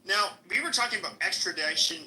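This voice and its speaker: On a live podcast stream, an American man goes on a heated rant, cursing at and taunting a rival with aggressive profanity. He talks fast in a high, pushed, bright voice. The recording is poor, with a little hiss or hum.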